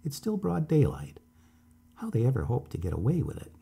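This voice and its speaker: A flustered middle-aged office man, as a storyteller puts him on, with a tenor voice pitched above the reader's own. He sounds tense and rattled. The voice carries some gravel and a husky edge. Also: wildly swooping pitch, a little fast, dark tone, exaggerated voice. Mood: anxious.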